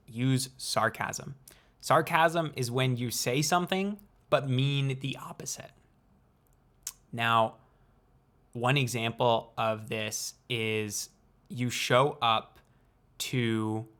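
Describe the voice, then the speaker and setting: Explaining things in a laid-back vlog, this student video creator is a young man with a medium-pitched, slightly bright voice. He takes his time, keeps it playful, and pauses on purpose.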